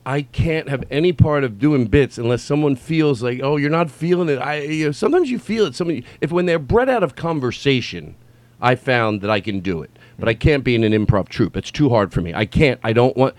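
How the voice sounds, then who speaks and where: A man hosting a casual comedy podcast, rambling and riffing, swearing and bursting into excited shouts. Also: mid-range voice, a little fast, no room sound. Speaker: podcast host.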